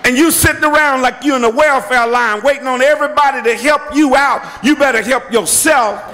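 A bishop delivers his sermon in a very high, sharp voice. He repeats his points and keeps breaking into shouts. His words ring with the long echo of a church hall. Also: a little fast, soft background music. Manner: emphatic, repetitive, bursts into shouting. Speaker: bishop and pastor. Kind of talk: preaching a sermon. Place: church sanctuary.

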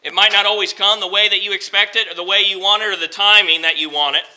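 A male pastor preaching a sermon, earnest and repetitive for emphasis, slowing down for scripture and swinging between quiet, slow lines and louder, faster ones. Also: sits high, fairly even intonation, poor audio. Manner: earnest, repeats phrases for emphasis, slows down for scripture.

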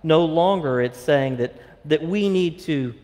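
A man's voice: on the high side, unhurried, darkish tone. Man preaching in a reverberant church. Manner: preaches from scripture with fillers and restarts. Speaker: pastor. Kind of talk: sermon. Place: church sanctuary. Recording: long church hall reverb.

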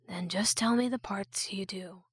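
A woman voicing a calm, protective young male hero in an audiobook, soft and steady. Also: mid-range voice, a little slow, husky, no room sound. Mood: soft, urgent.

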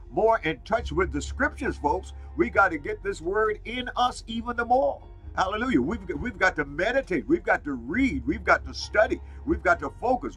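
Fired-up male preacher, bright and husky, keeps shouting out praise between points; faint music underneath. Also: high voice, rough recording. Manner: exclaims "Glory to God" and "Hallelujah" often; fired up, repeats phrases for emphasis. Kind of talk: fiery Pentecostal sermon.

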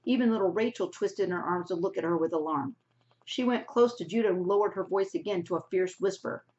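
Woman teacher reading a novel out loud, lowish voice, dull lo-fi audio. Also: a little fast. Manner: steady read-aloud narration. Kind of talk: reading a novel aloud to a class. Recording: dull lo-fi recording.

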